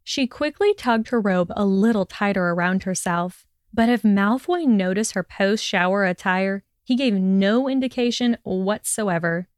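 A woman reading fiction aloud in a steady, expressive narration. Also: medium pitch, a little slow, few pauses, no echo, studio quality. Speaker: audiobook reader.

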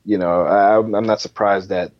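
A man co-hosting a casual wrestling podcast in a relaxed way, steering the talk from one topic to the next. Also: fairly low pitch, normal speed, no room sound. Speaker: podcast co-host. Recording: dull, muffled dry mic.

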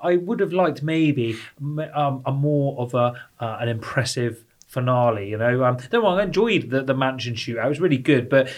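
A man's voice: mid-range voice, moderate pace, hardly any pauses. A man co-hosting a film review podcast, chatting casually, laughing often and restarting his sentences as he talks. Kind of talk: casual chat.

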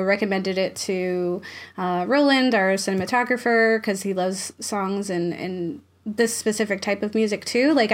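A woman hosting a podcast in a chatty, casual manner, laughing often and using many fillers. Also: medium pitch. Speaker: podcast host. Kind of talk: casual chat.

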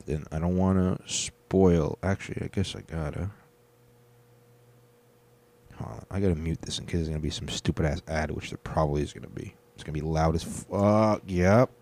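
A man's voice: low voice, dark tone, no room sound. A man giving casual, profane commentary while reacting to online videos, blunt and swinging from somber to worked up.

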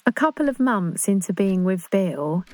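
A woman's voice: mid-range voice, animated, moderate pace, darkish tone, no room sound, lightly acted. An actress playing an earnest, awkward young woman in love. She speaks in a chatty, confiding, self-conscious English voice in a dramatic monologue. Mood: fond.

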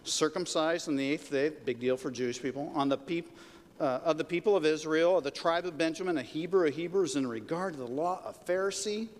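A middle-aged man preaching a sermon as pastor, animated and joking, leading the congregation in call-and-response. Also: fairly high pitch, a little fast. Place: church hall. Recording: reverberant hall with faint noise.

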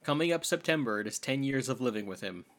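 Thirties guy cohosting a podcast, joking and teasing, bright voice that bounces all over. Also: medium pitch, lively intonation, fast talker. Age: 30s. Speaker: podcast co-host. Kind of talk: casual chat.

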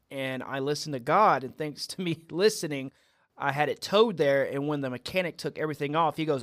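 A man's voice: fairly high pitch, a little fast, a bit bright, no echo, clean studio sound. A man co-hosting a faith podcast, affirming his partner and chuckling often as he shares stories. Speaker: podcast co-host. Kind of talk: casual faith podcast chat.

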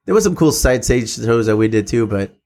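A man's voice: medium pitch, lively intonation, a little fast, a little mellow. A man with an ordinary mid-range voice hosts a loose conversation. He tells stories eagerly and swears in passing. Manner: eager, chatty fan, swears casually. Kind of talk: casual chat.

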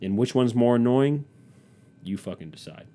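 A man's voice: mid-range voice, lively intonation, normal speed, mellow. A man hosting a casual solo podcast. He rants in a profane, sarcastic way and mocks other people by quoting them. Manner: profane, sarcastic ranting with mock quotes. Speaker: podcast host.

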